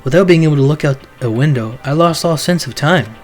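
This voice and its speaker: A streamer casually reading a visual novel aloud, often clearing their throat and commenting along the way. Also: medium pitch, fairly quick, soft background music.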